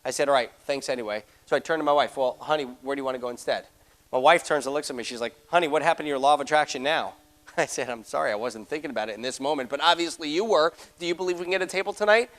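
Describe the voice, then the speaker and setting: A middle-aged man giving a motivational seminar, telling a story fast and acting out the voices of the people in it. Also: a little high, a bit bright. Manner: rapid-fire, acts out quoted voices. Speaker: motivational speaker.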